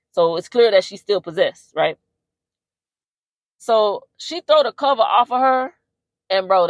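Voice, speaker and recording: A woman podcast host tells the plot of a movie in casual, profane slang. Her voice is on the low side. The recording is dry and close. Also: no room sound. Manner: slangy, profane, animated storyteller.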